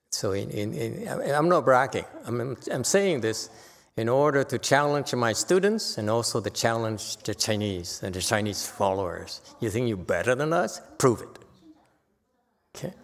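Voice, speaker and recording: A man's voice: medium pitch, lively intonation, unhurried, vocal fry. An older man giving an unscripted dharma talk as a Buddhist teacher, blunt and exhorting, often checking in with "okay?". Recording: long reverb from a hall.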